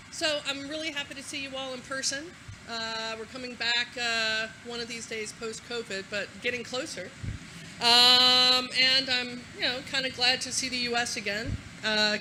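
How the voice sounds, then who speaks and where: A woman giving a casual, energetic conference talk to a live audience, swearing freely. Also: on the high side, noisy background. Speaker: conference speaker.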